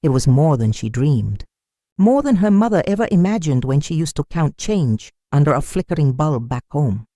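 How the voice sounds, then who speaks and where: Story narrator, mellow tone, animated delivery, dry close sound. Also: mid-range voice, moderate pace, dry recording.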